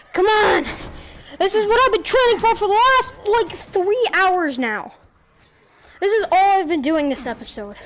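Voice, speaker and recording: A very high-pitched woman gives casual gameplay commentary at home, her voice leaping up and down as she yells at the enemies in frustration. She talks through a headset over a faint hiss of home-recording noise. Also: expressive, measured pace. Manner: frustrated, yelling at the game. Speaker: gaming YouTuber.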